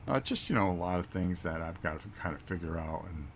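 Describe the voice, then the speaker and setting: Deep-voiced man telling a rambling story. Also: animated, fairly quick, slight background noise. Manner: rambling storytelling with fillers and acted-out quotes. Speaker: vlog host. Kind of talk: casual chat.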